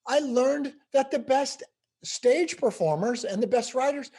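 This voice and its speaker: A man's voice: very high voice, unhurried, darkish tone. A middle-aged man, a guest speaker on a video call, telling a story with building intensity. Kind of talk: storytelling interview answer.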